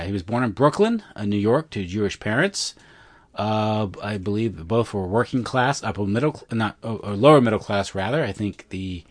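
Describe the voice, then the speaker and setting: Lowish-voiced man reading notes casually. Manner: reads aloud with frequent self-corrections and fillers; offhand asides between read passages. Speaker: podcast co-host. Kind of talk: casual read-through of notes.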